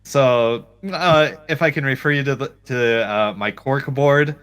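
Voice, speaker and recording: A man co-hosts a casual gaming podcast with a bright, forward voice at a middling pitch. He talks in a playful, jokey way and tells his stories with animation. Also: unhurried, clean tone. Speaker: podcast co-host.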